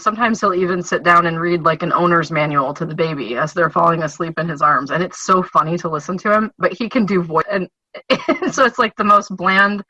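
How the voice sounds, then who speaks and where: Bright, chatty woman on a dull recording. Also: on the low side, no echo. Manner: chatty, laughs between points. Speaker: guest, homeschooling mother. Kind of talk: casual podcast chat. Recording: dull lo-fi podcast audio.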